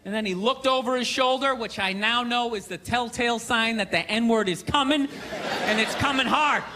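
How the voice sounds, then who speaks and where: A male stand-up comedian performing a sarcastic, ranting set on a theater stage, often breaking into shouts. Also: very high-pitched, normal speed. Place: theater stage before a live audience. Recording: live theater recording with audience laughter and noise.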